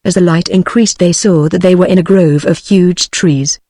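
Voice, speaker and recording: A woman's voice: lowish voice, normal speed, no room sound, clean studio sound. A text-to-speech voice of a woman with a British English accent narrating an adventure novel as an audiobook. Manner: even synthetic reading.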